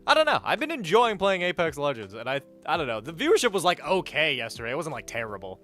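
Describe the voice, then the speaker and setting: A man's voice: a little high, huge pitch swings, fast talker, bright, forceful tone, soft background music. A young man streaming live, chatting casually, reading out chat and donations, blunt and swearing freely as he rants. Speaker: livestreamer.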